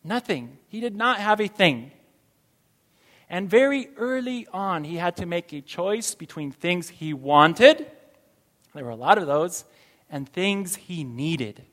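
A man preaching a sermon as a pastor, slow and emphatic, with sudden loud rises on key phrases. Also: high-pitched, animated. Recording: long reverb of a large hall.

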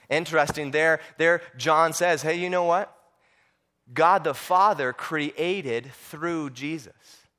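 A man preaching a sermon, telling stories with animated voices and frequent repeated words. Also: on the high side.

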